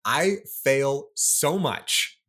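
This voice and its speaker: A man co-hosting a podcast who chats casually and pokes fun at himself. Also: mid-range voice. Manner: animated, self-deprecating, quick asides. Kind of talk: casual conversational chat.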